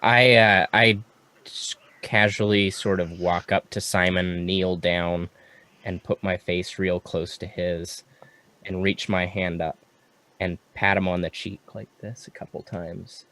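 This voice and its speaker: A man plays a tabletop game in a very deep voice. He talks slowly and tersely, with deliberate phrasing. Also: little pitch movement, sharp tone. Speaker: player. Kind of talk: tabletop role-play.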